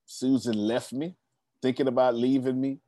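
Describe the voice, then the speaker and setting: A man's voice: medium pitch, little pitch movement, moderate pace, mellow, dry recording, studio quality, lightly acted. A man mimicking a whiny, self-pitying complainer who drags out his grievances in a mopey way.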